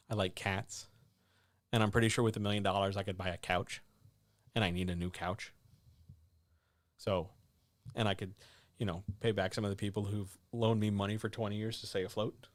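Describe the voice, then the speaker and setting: A man's voice: normal speed, long pauses, no room sound. A man hosting a writing advice livestream, answering viewer questions in blunt, sardonic, casual chat. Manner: blunt, sardonic, animated, with sudden jumps in pitch.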